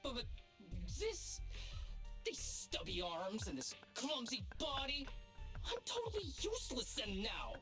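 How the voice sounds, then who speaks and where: A flustered little robot. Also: male voice, extremely high pitch, huge pitch swings, measured pace, bright, forceful tone, exaggerated voice. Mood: panicked. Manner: embarrassed, whiny protests. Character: flustered young man turned into a small robot. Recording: game audio with faint music.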